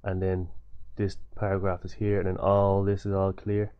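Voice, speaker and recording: A man's voice: deep voice, completely flat delivery, moderate pace, clear, resonant tone, highs cut off. A young man giving a loose, repetitive coding tutorial over a screen recording, with many fillers and restarts.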